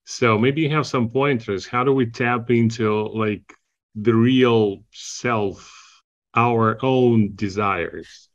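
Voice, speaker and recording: A man's voice: medium pitch, fairly even intonation, slow. A man on a casual group call asking a question, musing and searching for words. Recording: muffled lo-fi audio.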